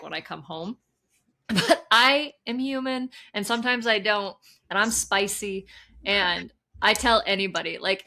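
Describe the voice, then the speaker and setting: Bright-voiced woman in casual podcast chat. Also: mid-range voice. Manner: animated, laughing, swears freely. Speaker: podcast co-host.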